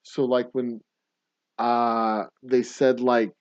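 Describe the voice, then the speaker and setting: A man's voice: on the low side, animated, a little slow, no echo, highs cut off. A middle-aged man hosting a casual trivia livestream, rambling and swearing in mock-grumpy rants. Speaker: trivia game host.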